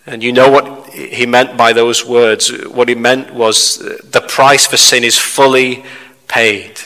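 A man preaching a sermon, measured and steady, putting questions to the listeners. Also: medium pitch. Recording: reverberant hall.

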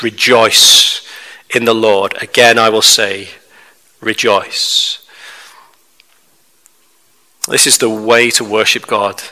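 A man preaching a sermon as a pastor, measured and emphatic, with rhetorical questions to his congregation. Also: on the low side, pushed and bright, long reverb tail, poor audio. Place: church.

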